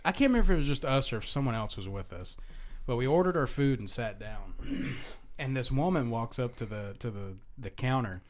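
A man's voice: mid-range voice, animated, a little fast, a little hiss or hum. A man co-hosting a podcast in casual chat, laughing often and mimicking the people in his stories. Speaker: podcast co-host.

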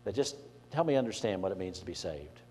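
A man's voice: low-pitched, lively intonation, fast talker, darkish tone, a little hiss or hum. A man preaching a sermon as pastor, conversational, asking the congregation questions and restarting phrases as he goes. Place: church sanctuary. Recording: church hall reverb.

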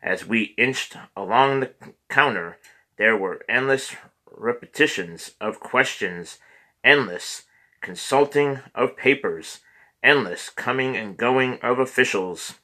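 A man narrating a memoir audiobook in a measured way, with occasional stumbles and restarts. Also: mid-range voice, bright, forceful tone.

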